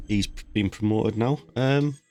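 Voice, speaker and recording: A man's voice: on the low side, unhurried, dry recording, soft background music. A man giving casual, rambling commentary while playing a video game. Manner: relaxed, rambling asides. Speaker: gameplay commentator.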